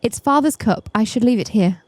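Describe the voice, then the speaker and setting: A woman voicing an earnest, dutiful young man who has returned home, reading game dialogue in a slightly lowered, steady, polite voice. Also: fairly quick, no room sound. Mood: concerned.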